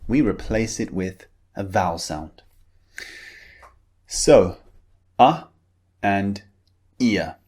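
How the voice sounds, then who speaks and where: Slow, low-voiced pronunciation teacher. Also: male voice, lively intonation, a little mellow, husky. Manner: careful, drawn-out enunciation of model words. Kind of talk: slow, deliberate pronunciation lesson.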